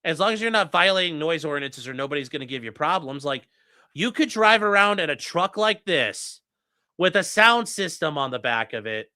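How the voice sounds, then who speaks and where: A bright, sharp-toned streamer talks through the law in a loose, profane way, reacting to chat with scorn. The pitch jumps around, punchy one moment and muttered the next. The sound is close and dry. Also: normal speed, no room sound. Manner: blunt, profane and mocking; animated, swinging between loud outbursts and muttering. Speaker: legal commentary streamer reading chat. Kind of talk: casual livestream commentary.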